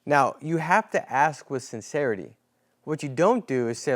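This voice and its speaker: A man teaching a sales training class in a casual, animated way, often acting out talks with clients. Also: fairly high pitch, fairly quick. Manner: casual, animated coaching with role-played client dialogue.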